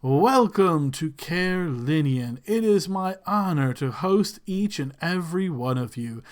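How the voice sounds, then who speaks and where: Pompous lord regent, booming and high-pitched, slow and stately, played by a man. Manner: grand, drawn-out proclamations. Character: pompous male noble regent hosting a tournament.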